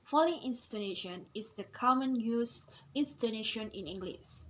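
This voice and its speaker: A young woman explaining a class assignment as a student, hesitant, with frequent pauses and fillers. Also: fairly high pitch, lively intonation, slight background noise, low-quality recording. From Indonesia. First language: Indonesian. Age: young adult. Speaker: student presenter.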